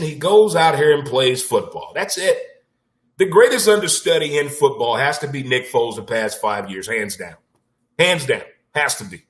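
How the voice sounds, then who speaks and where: A man hosting a casual sports talk show, with a blunt, animated delivery, occasional swearing and punchlines he repeats for effect. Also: medium pitch.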